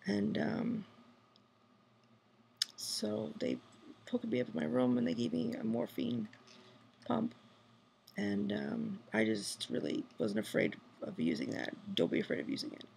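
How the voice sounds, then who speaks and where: A woman's voice: on the high side, lively intonation, unhurried, creaky, pauses often, darkish tone, slight background noise. A woman whispering a rambling video diary at night from a hospital room, full of fillers. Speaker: vlogger. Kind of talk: hushed personal video diary.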